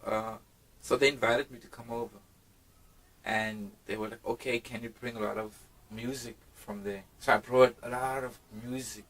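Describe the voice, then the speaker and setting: Halting, reflective South African man. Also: medium pitch, a bit bright, low-quality recording. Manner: reflective, halting, with many restarts and fillers. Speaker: hip-hop artist. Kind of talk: casual interview.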